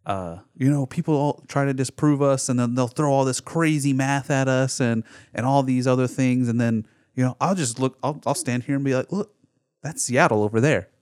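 A man's voice: mid-range voice, normal speed, few pauses, clean tone, no echo, studio quality. A man co-hosting a podcast, chatting casually with lots of fillers. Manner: relaxed, filler-heavy, conversational. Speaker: podcast co-host. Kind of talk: casual chat.

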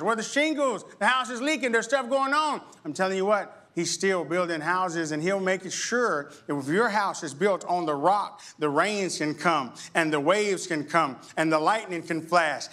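A middle-aged male pastor preaching a sermon in an animated way, with sudden high exclamations and call-and-response with the congregation. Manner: acts out voices of others in quick asides.

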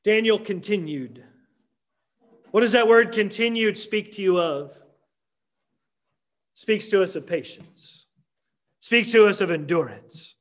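A man preaching a Sunday morning sermon as pastor, emphatic with dramatic pauses and repetition. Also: sits high, fairly bright tone.

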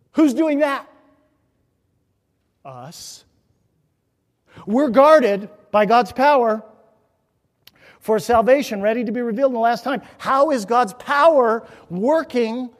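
A fairly high-voiced male pastor preaching in a church sanctuary, his words ringing out with a long, echoing reverb. He pleads and exhorts, firing off rhetorical questions, then drops to hushed near-whispers before building back up to loud emphasis. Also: takes it slowly, pauses often. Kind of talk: sermon.

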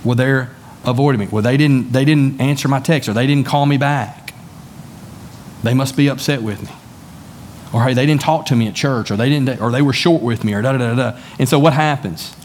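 A man's voice: medium pitch, normal speed, a little mellow, slight background noise. Folksy man preaching a conversational sermon. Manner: conversational, folksy storytelling with acted-out dialogue. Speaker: pastor. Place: church sanctuary.

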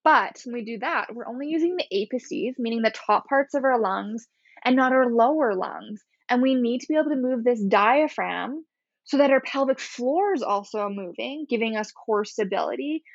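A woman's voice: fairly high pitch, lively intonation, moderate pace, dry recording, highs cut off. A woman physiotherapist explaining exercises in a casual, chatty way, laughing often and guiding breathing step by step.

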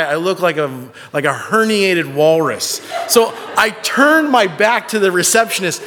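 A man preaching a sermon, telling a personal story with an animated, self-mocking manner. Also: sits high, normal speed, hardly any pauses, slight background noise. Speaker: pastor. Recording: reverberant hall.

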